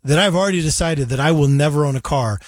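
A man co-hosting a casual chat show, telling stories with animated retelling of his own thoughts. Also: fairly high pitch, fast talker, no echo, clean studio sound. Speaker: co-host.

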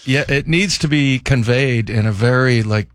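A male sports radio co-host chatting and telling stories with lively asides. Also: medium pitch, moderate pace, no echo, studio quality. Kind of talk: sports talk radio chat.

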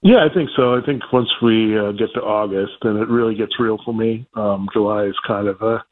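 A male football analyst calling in to a radio show, speaking in a measured, analytical way. His voice is lowish and husky, and it comes through a thin, tinny phone line. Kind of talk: remote radio interview.

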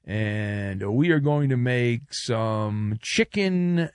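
A man hosting a casual sports talk show, sarcastic and animated, who acts out the exchanges he quotes. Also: medium pitch, extremely slow, smooth, dry recording, studio quality. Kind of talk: casual sports commentary monologue.

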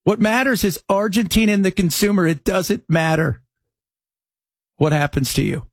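A man hosting a political talk show, delivering sarcastic, animated commentary. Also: high-pitched, moderate pace, no echo. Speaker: radio talk show host.

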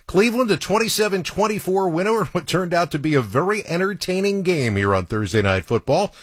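A man hosting a radio football broadcast, recapping the game in a smooth, measured way. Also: sits high, animated, no room sound. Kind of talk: radio sports wrap-up.

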